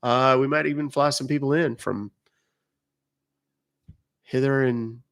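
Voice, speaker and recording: Middle-aged male streamer, loose rambling delivery, quick jokes to chat, average pitch. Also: fairly even intonation, vocal fry, a bit bright. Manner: rambling, joking asides, reacting to viewer comments. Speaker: live streamer reading chat. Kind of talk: casual live-stream chat.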